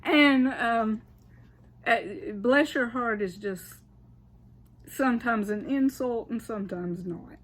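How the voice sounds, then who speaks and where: A woman with a Southern US drawl explains local sayings in an easy, chatty way. She talks slowly, in a fairly high voice, and keeps checking in with her listeners. She laughs often. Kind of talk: casual explainer, partly read aloud.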